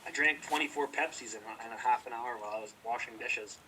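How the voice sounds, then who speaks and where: A man's voice: medium pitch, quick pace, bright, forceful tone, distant mic, a little hiss or hum, low-quality recording. A young man co-hosting a podcast, telling a rambling story in casual chat, profane and heated. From British Columbia, Canada. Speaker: podcast co-host.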